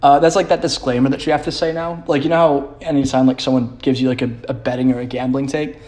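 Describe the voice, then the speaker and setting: A man's voice: medium pitch, flat delivery, quick pace, darkish tone. A young man hosting a solo podcast, rambling in a profane, self-mocking way and laughing often. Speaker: podcast host.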